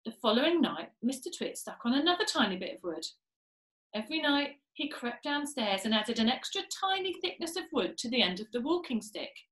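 A woman reading a children's book aloud, expressive and speaking straight to young listeners. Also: fairly high pitch, a little fast. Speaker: storyteller. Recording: echoey room.

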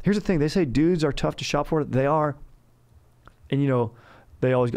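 A man's voice: fairly high pitch, moderate pace, a little mellow. A man hosting a comedic podcast monologue in a rambling, boastful bro manner, calling everyone dude and bro. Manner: rambling, boastful salesman banter. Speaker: podcast host.

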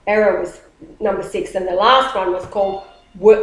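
A woman telling a story in casual talk, animated and rambling, often restarting her sentences. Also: mid-range voice, normal speed. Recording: roomy echo.

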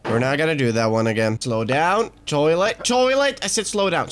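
A man hosting a let's play, commenting on his game and getting frustrated, swearing, talking himself down and shouting at the game. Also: fairly high pitch, normal speed, few pauses, background noise. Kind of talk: gaming commentary.

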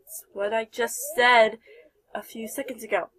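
A woman's voice: on the high side, flat delivery, unhurried, a bit bright. A young woman giving casual let's play commentary, chatty and giggly, talking to her game characters. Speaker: gameplay commentator.

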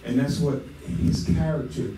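A man's voice: on the high side, fairly even intonation, moderate pace, warm tone. A man giving a eulogy for a childhood friend, a jovial storyteller who often breaks into laughter. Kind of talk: memorial speech. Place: memorial service hall. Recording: very echoey hall, distant mic, noisy.

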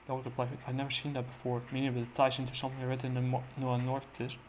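Man, flat delivery, halting comic recap with lots of "uh"s, faint background hiss. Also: mid-range voice. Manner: halting, full of "uh" fillers and restarts. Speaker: comic book reviewer. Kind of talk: casual plot recap.

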